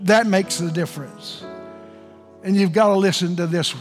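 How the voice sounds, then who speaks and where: A man preaching a sermon to a congregation, moving from hushed pleading to shouting. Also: sits high, fairly even intonation, moderate pace. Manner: preaching with swings from soft to shouting. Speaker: pastor. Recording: long hall reverb with faint music.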